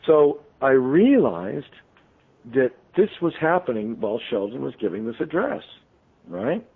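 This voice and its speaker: A man's voice: medium pitch, big pitch swings, measured pace, breathy edge. A man, a radio show guest, telling a long story in a rambling way full of ums and restarts. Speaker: interview guest, author. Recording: tinny phone line.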